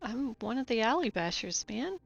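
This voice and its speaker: Gravelly-voiced woman player. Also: a little high, very animated, moderate pace, dull audio, faint music behind. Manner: casual, plain-spoken. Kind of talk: playing a tabletop game.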